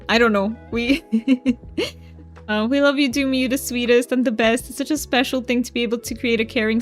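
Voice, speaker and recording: A woman streaming a game live, reading viewer messages aloud in casual chat. She talks softly and emotionally, laughs often and stumbles over her words. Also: a little high. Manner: soft-spoken, emotional, laughs often, stammers and restarts.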